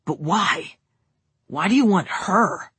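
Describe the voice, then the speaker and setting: A woman's voice: medium pitch, animated, slow pace, fairly bright tone, slightly rough, dry recording, heavily acted. A woman voicing an angry, indignant young man in a storybook reading, raising his voice. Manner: indignant, raises voice.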